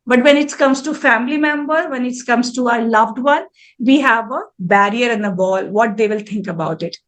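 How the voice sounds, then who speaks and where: A mandala artist in her forties, appearing as an interview guest, answers questions in front of a live audience. Her register is high and bright, her pace moderate, and she comes across as earnest and reflective, often restarting sentences midway.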